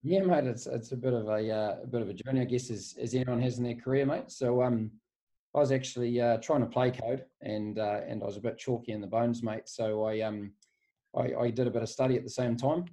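A man in his forties with a New Zealand accent speaks from his office over a remote call. His voice is warm and mellow. He tells his career story in a relaxed, rambling way, with "mate" in nearly every sentence. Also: medium pitch, fairly quick. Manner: laid-back, rambling, says "mate" constantly. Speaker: guest, strength and conditioning coach. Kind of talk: casual podcast interview.

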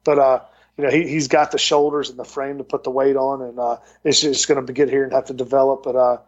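A college football tight end coach and recruiting coordinator rambles through recruiting stories in a casual podcast interview, restarting often and repeating words. His medium-pitched voice barely moves in pitch, he talks fast, and the sound is lo-fi.

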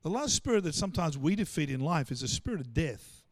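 Australian man, pastor preaching, high voice, dry close sound, animated, acts out quotes. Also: fast talker, no echo. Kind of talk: sermon.

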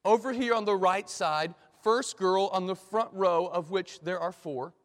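A man voicing a stern male professor who asks calm, deliberate questions. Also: high voice. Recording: long hall reverb.

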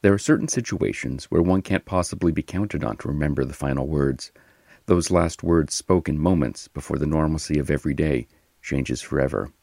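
A man hosting and narrating a history podcast in a slow, measured scripted storytelling delivery. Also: extremely low pitch, vocal fry, darkish tone, dry recording.

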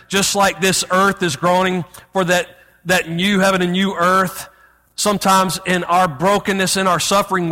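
A man preaching a sermon as pastor, reading scripture aloud and speaking with expressive emphasis. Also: high voice, in a large hall.

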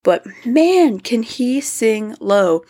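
A woman's voice: fairly high pitch, very animated, extremely slow, dark tone. A woman hosting a casual music review podcast, chatty, now and then singing short bits of melody. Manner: chatty, sings and hums snippets of lyrics. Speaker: podcast host.

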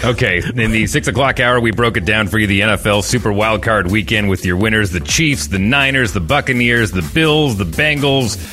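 Man, morning radio host, fast, bright, joking sports recap. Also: fairly low pitch, soft background music.

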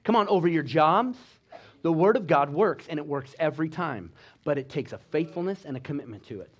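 Exhorting male preacher, fairly high voice. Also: animated, fairly quick, slightly rough, lo-fi sound. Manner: exhorting, with call-and-response asides; swings between loud emphasis and quiet, low delivery. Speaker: pastor. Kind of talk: sermon.

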